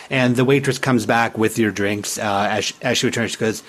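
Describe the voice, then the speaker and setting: A man's voice: lowish voice, fairly even intonation, fairly quick, few pauses. A man narrating as game master in a loose, casual way, with many fillers.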